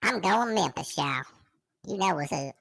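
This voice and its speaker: A man's voice: high-pitched, lively intonation, a little slow, gravelly, fairly bright tone, no room sound, pitched above the performer's own voice, heavily acted. A man doing a brash, boastful male cohost voice in comic podcast banter, full of cocky trash talk.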